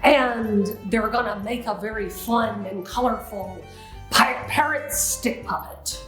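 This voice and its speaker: A woman in a library hams it up with pirate slang and snatches of a sea shanty. Her voice sits a little high and unhurried. The room rings with echo, with faint music behind. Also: a bit bright. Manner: pirate lingo and sung shanty bits. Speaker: library story time host. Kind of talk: playful pirate-themed promo talk.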